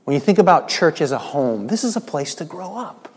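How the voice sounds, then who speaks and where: A man preaching a sermon as pastor, earnest, slowing down and building up for emphasis. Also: on the high side, big pitch swings, husky, long reverb tail. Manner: earnest, varies pace and loudness for emphasis.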